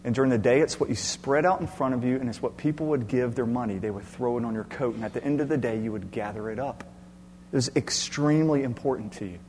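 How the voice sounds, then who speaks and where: A male pastor delivering an earnest, explanatory sermon that swings into loud passion. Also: medium pitch, fast talker. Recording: echoey hall with faint hum.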